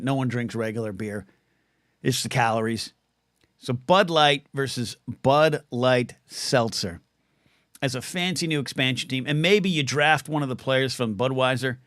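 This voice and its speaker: A man's voice: mid-range voice, fairly bright tone, no echo, clean studio sound. A man hosting a solo livestream podcast, answering viewer questions in a rambling, jokey way that often stops and restarts. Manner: rambling, self-interrupting, jokey. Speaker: podcast host.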